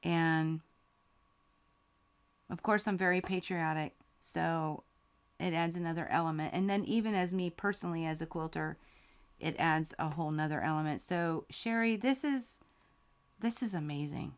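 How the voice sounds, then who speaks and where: A woman's voice: deep voice, moderate pace, clean tone. Emotional woman hosting a live quilting stream. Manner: heartfelt, emotional, grateful, reading viewer comments aloud. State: close to tears. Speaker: quilting channel host.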